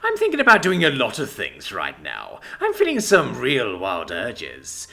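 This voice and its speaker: A man's voice: medium pitch, wildly swooping pitch, measured pace, creaky, pushed and bright, full character voice. A man voicing a blunt, aggressive young man in a narrated story, who swears freely and swings between menace and worry. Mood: sardonic.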